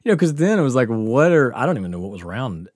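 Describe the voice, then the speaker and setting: Man, middle-aged, podcast host, casual storytelling, swears a lot, laughs along, average pitch, dry close sound. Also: sing-song, fast, a little mellow, dry recording. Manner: rambling, profane, laughs through his story.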